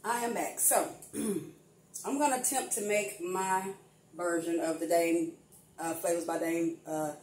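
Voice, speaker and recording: A woman's voice: fairly low pitch, fairly even intonation, a little slow, a little mellow. An older woman chatting casually to viewers as she cooks in her home kitchen, calling them y'all. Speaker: cooking vlogger. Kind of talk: casual home cooking vlog. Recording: echoey room, mic at a distance.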